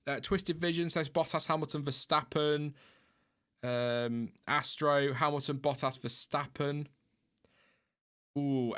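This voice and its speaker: A man's voice: medium pitch, fairly bright tone. A man hosting a casual live stream, chatting loosely and reading out viewer comments with small laughs. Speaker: livestream host.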